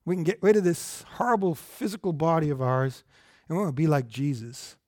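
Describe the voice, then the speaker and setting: A man's voice: on the high side, fairly quick, darkish tone, dry recording, studio quality. A man teaching a Bible lesson as a sermon, earnest and conversational, often asking the listeners questions.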